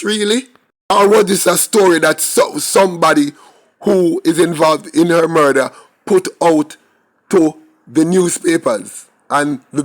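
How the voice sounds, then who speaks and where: Emphatic Jamaican man, higher voice. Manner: emphatic, rhetorical questions, talks to viewers directly. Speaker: commentator. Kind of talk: opinionated crime commentary.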